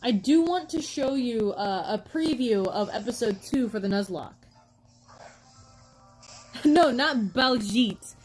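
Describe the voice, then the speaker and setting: A woman's voice: a little high, lively intonation, takes it slowly, long pauses, a little mellow, faint music behind, poor audio. A woman streamer chatting casually with her viewers, laughing often and answering chat.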